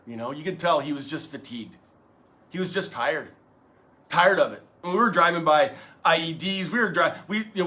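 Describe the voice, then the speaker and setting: Man pastor, earnest and jokey storyteller, slightly high, bright tense tone. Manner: earnest, playful, with many fillers and restarts. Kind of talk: casual storytelling sermon.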